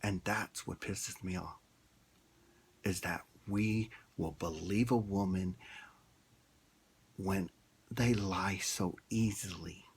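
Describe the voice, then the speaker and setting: A man's voice: deep voice, steady tone, takes it slowly, long pauses, slightly rough. A man ranting bluntly in a rambling, casual opinion monologue. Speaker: vlogger.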